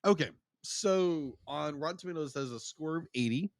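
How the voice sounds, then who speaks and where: A man's voice: a little high, moderate pace, gravelly, dry recording, studio quality. A man co-hosting a casual podcast, mostly answering in short agreeing replies in an easygoing way. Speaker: podcast co-host.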